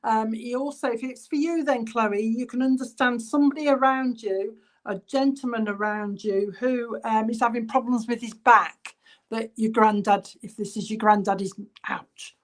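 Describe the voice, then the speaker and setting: Woman medium, higher-pitched, halting and chatty, many ums, reassuring as she names viewers during an online clairvoyance reading. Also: steady tone. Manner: halting, relays spirit messages with many ums. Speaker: spiritualist medium.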